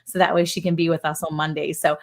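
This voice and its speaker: A woman hosting a casual livestream chat, excited and chatty, with lots of fillers. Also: low voice, fast. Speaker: livestream host.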